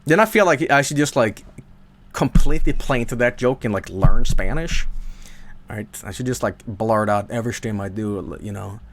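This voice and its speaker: A man's voice: medium pitch, animated, normal speed. A man with a thick Swedish accent rambling casually to his stream chat, profane and full of asides.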